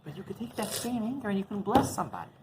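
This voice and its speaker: Rabbi giving a sermon, lively rising and falling pitch, keeps asking "right?", faint noise behind. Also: male voice, very fast, rough recording. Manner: restarts and repeats words.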